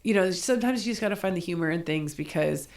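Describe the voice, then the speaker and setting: A middle-aged woman co-hosting a podcast, telling a story in a casual chat. Her voice sits low and has a gravelly edge. She acts out what people said, animated and laughing along. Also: fast. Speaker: podcast co-host.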